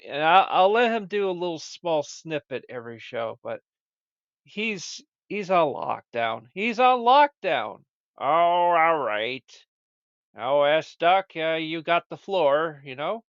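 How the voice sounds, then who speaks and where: A man's voice: a little high, fairly bright tone, dry recording. A man hosting a comedic show, rambling and stammering as he chats. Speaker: show host. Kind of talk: comedic podcast chat. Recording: dull, lo-fi dry recording.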